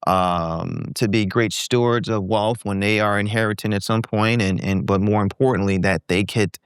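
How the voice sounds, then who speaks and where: Man, forties, smooth resonant voice, dry close sound, podcast guest telling a candid story. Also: on the low side, moderate pace, no room sound. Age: 40s. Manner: animated, acts out quoted voices. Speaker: guest entrepreneur.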